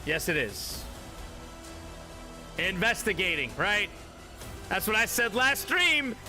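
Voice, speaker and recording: A man's voice: sits high, big pitch swings, takes it slowly, music in the background. A man live streaming, ranting at his chat with heavy swearing, mocking viewers and laughing often. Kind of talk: profane rant at live chat.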